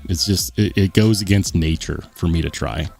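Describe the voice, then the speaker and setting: A man's voice: low voice, moderate pace, creaky, a little mellow, faint music behind. A man hosting a live stream in casual chat, reading viewer comments aloud and reacting in an upbeat, rambling way. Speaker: livestream host.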